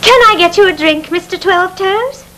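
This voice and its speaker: An actress playing a polite, well-bred young hostess with a prim, courteous manner, in a 1970s film comedy. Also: female voice, very high voice, moderate pace, noisy background.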